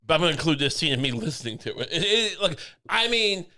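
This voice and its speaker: A man's voice: fairly high pitch, big pitch swings, quick pace, sharp tone. A young man co-hosting a comedy podcast, joking and rambling with lots of restarts. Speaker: podcast co-host. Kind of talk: casual comedic chat.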